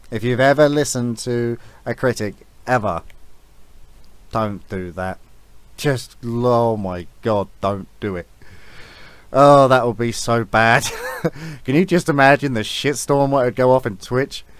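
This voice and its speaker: A man's voice: medium pitch, slow pace, long pauses, clean tone, dry recording. A man giving a casual, rambling opinion rant as an esports vlogger, blunt and swearing freely.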